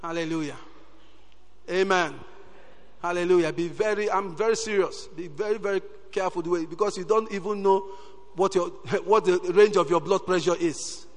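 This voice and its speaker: A man preaches a sermon in a high, ringing voice at normal speed, animated and constantly breaking in with "Hallelujah" and other calls of praise. A long hall reverb suggests a large church.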